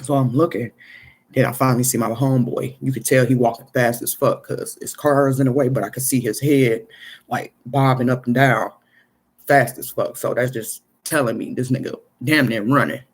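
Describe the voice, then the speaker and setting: Husky man telling a street story. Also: mid-range voice, fairly even intonation, normal speed. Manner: street slang, profane, repeats "you know what I'm saying". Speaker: storyteller recounting an experience. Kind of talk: casual storytelling monologue.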